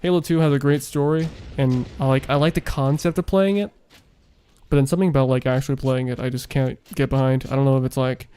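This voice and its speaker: Late at night, a young man's tired voice carries through a casual stream of a game he's building. It's medium in pitch, mellow, clear and resonant, and he rambles with frequent fillers as he chats.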